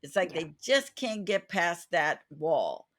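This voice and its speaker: A woman's voice: on the low side, big pitch swings, takes it slowly, fairly bright tone. A woman hosting a podcast interview, talking in an earnest, reflective way with frequent restarts. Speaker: podcast host. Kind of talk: casual interview chat.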